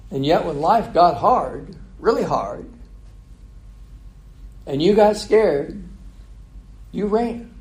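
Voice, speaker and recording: A man's voice: high-pitched, animated, takes it slowly, long pauses, darkish tone. A man preaching a conversational sermon, asking the congregation rhetorical questions.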